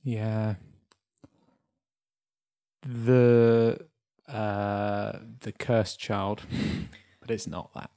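A man's voice: fairly low pitch, little pitch movement, drawn-out words, long pauses, mellow, clear, resonant tone. Joking man in casual chat. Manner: joking, hesitant. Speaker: podcast co-host. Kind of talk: casual podcast game chat.

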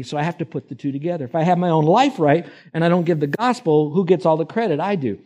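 A man's voice: a little high, fast, few pauses, dark tone. A man preaching a sermon, folksy and emphatic, posing rhetorical questions to his listeners. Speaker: pastor.

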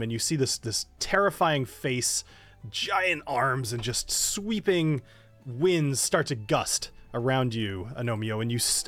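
A man running a tabletop game as game master, narrating the scene with many fillers. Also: mid-range voice. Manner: descriptive, halting, with many fillers.

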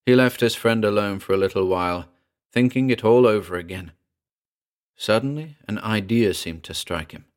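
Low-voiced man narrating a ghost story. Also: moderate pace. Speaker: audiobook narrator.

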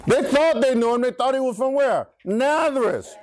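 In a call-and-response Bible lesson, a middle-aged pastor has his congregation supply the ends of his lines. He talks at a normal speed with few pauses, lively intonation, a darkish tone, and a preachy, pitch-swinging manner.

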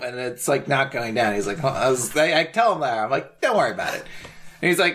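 A man's voice: a little high, big pitch swings, fast talker, fairly bright tone. A man co-hosting a podcast in casual chat, telling a story animatedly and acting out other people and sound effects. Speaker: podcast co-host.

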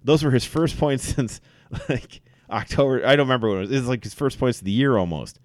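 A man co-hosting a casual sports podcast, telling events in an animated way with many fillers. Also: medium pitch, fairly quick, no echo. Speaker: podcast co-host.

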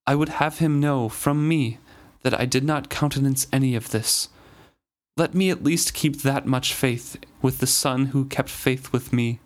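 A man reading the lines of a dying old king, betrayed by his son, in a quiet, grave voice. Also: mid-range voice, measured pace, close to an everyday voice. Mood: grieving. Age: older.

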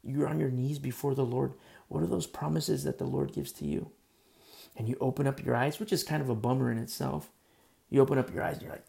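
A man's voice: medium pitch, quick pace, vocal fry, mellow. A man preaching a sermon in a conversational, folksy way, with asides and quoted lines. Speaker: pastor.

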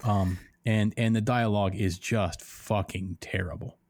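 A man's voice: on the low side, steady tone, unhurried, a little mellow, no echo, studio quality. A man co-hosting a podcast, ranting in a rambling, profane, mocking way. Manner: rambling, swears a lot, mocking. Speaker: podcast co-host. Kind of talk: casual profane chat.

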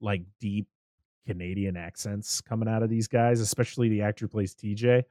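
A man's voice: on the low side, little pitch movement, a little fast, dark tone, no room sound, clean studio sound. A man co-hosting a podcast, chatting casually about a film, rambling and acting out characters' lines. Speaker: podcast co-host. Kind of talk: casual film review chat.

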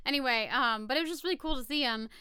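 A woman with a bright, smooth, clear voice sitting a touch high, chatting casually on a podcast. She rambles bluntly from one story to the next and swears freely. The sound is dry and close. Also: rapid-fire, dry recording. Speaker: podcast co-host. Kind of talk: casual chat.

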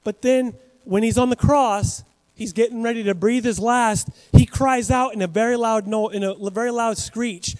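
A man preaching a sermon as pastor, talking in a conversational, animated way with asides to the congregation. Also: extremely high pitch, normal speed, long reverb tail, rough recording.

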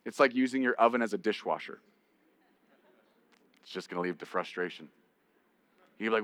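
A man preaching a sermon as pastor, rising to emphatic peaks and dropping to a quiet storytelling voice. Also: on the low side, normal speed, long pauses, no echo.

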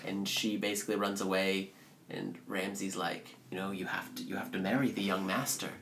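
Podcast co-host, male, deep-ish voice, sarcastic, acts out the characters' lines, slight background noise. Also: little pitch movement, brisk. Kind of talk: casual movie recap chat.

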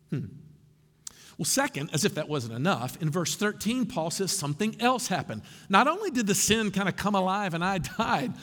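Guy preaching, high voice that swoops all over, chatty asides, big echoey church hall. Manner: animated, conversational preaching with asides. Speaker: pastor. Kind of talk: sermon.

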